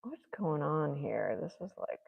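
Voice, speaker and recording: A woman's voice: deep voice, sing-song, a little slow, vocal fry, husky, long reverb tail, lo-fi sound. A woman vlogger thinking aloud to herself as she paints, musing in murmured asides. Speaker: art vlogger.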